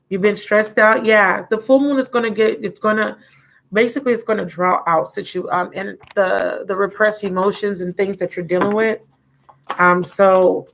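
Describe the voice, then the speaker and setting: A woman in her thirties, a tarot reader who hosts her own channel, runs a casual live-stream chat from home, rambling and talking straight to her viewers. Her voice is medium-pitched and a bit bright. There is a little hiss or hum on the recording.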